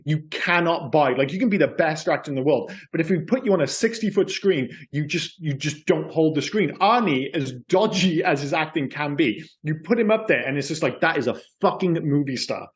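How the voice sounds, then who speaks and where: Opinionated man with slightly high pitch. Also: expressive, a little fast, hardly any pauses. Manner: opinionated, swears freely, frequent restarts. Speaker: podcast co-host. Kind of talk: casual film chat.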